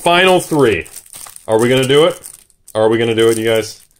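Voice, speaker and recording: A man hosting a card-opening video, talking in a hyped, jittery way and shouting at big pulls. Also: mid-range voice, expressive, fairly quick, a little hiss or hum. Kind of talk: excited casual commentary.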